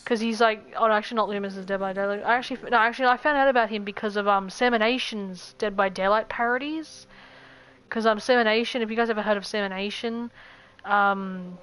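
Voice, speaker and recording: A woman's voice: medium pitch, steady tone, fast, fairly bright tone, clear, resonant tone, low-quality recording. A woman game streamer chatting casually to her viewers, rambling with frequent restarts and stumbles.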